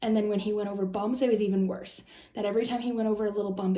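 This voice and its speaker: A woman's voice: medium pitch, steady tone, rapid-fire, hardly any pauses, dark tone, echoey room. A young woman vlogger telling a long personal story in a rambling, casual way with many fillers. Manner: rambling, lots of "like" and "um", anxious retelling.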